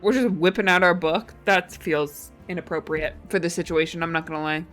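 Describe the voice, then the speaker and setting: A woman's voice: lowish voice, fairly even intonation, brisk, a bit bright, soft background music. A woman streaming a story game, reacting with emotional, exclamatory outbursts.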